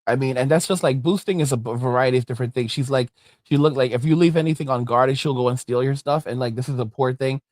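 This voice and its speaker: A man's voice: mid-range voice, quick pace, darkish tone, no room sound. Emphatic man ranting in a dry room. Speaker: commentary host. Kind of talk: reaction commentary with a promo.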